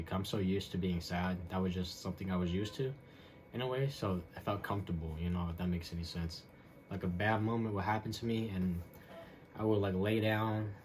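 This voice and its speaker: A man's voice: low voice, a little hiss or hum. A young man hosting a podcast, telling a story alone in a loose, rambling way with lots of fillers and slang. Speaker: podcast host. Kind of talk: casual solo storytelling monologue.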